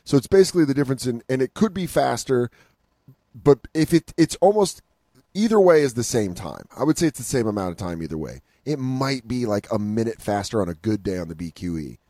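A man's voice: medium pitch, brisk, no echo. A young man hosting a podcast, telling a story casually with lots of swearing and acted-out dialogue. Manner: animated, profane, acts out dialogue. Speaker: podcast host.

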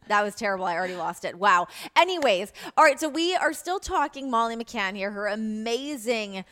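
A woman hosting a casual podcast chat, animated and laughing often. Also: on the high side, normal speed. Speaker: podcast host.

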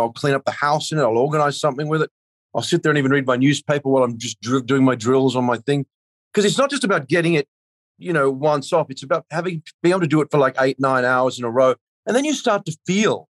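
Interviewed as an actor, a man rambles through casual conversation full of restarts and filler phrases. He has a fairly high voice with no echo and is not a native of the country he is speaking about.

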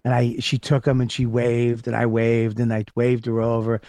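A man on a podcast telling a rowdy story, swearing often and breaking into loud mocking voices. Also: medium pitch, completely flat delivery, moderate pace, dry recording. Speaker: comedian guest. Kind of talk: casual podcast banter.

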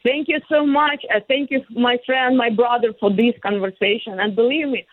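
A woman with a Ukrainian accent, a guest on a remote interview, speaking with passion, halting with many fillers and restarts. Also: a little high, steady tone. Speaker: guest, singer and former lawmaker. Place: in Kyiv, remote. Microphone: phone line. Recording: tinny dry phone line.

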